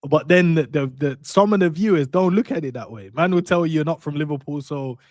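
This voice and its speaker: A man's voice: a little high, brisk, darkish tone, no echo, studio quality. A man co-hosting a casual football chat, rambling and restarting his sentences. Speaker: co-host of a football channel.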